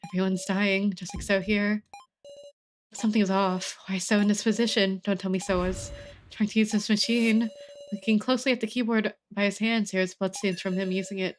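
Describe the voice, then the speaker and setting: A woman's voice: mid-range voice, steady tone, moderate pace, a little hiss or hum, natural voice. Woman reading as a despairing teenage heroine. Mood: hopeless. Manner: earnest inner monologue.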